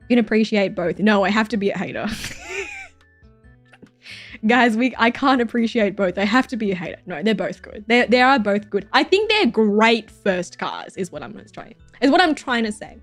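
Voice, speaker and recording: A woman's voice: medium pitch, expressive, normal speed, dry recording. A young woman streamer chatting casually as she reacts to stories, laughing often and swearing freely. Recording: dry close mic with faint music behind.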